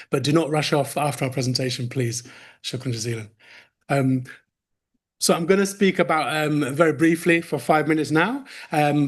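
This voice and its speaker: Young english guy presenting at a conference, friendly, bit higher voice. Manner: friendly, apologetic, mixes in Arabic phrases. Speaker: community researcher presenting.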